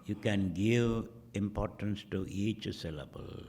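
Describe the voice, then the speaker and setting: A middle-aged man leading a guided meditation, speaking in slow, measured phrases that trail off into whispers. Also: fairly low pitch, lively intonation, creaky, darkish tone, a little hiss or hum. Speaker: meditation teacher.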